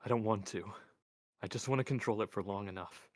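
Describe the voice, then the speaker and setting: A man reading a young man speaking softly and evenly, a cold menace under the calm words. The low voice sits close and dry with no room around it. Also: brisk, no echo, lightly acted. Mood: earnest. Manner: quiet, even, menacing.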